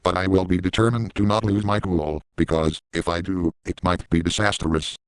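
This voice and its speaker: A man voicing a crude, boastful middle-aged cartoon dad in a parody comedy video, speaking in a deadpan way. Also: deep voice, moderate pace, smooth, dry recording, close to an everyday voice, low-quality recording. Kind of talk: parody voice acting.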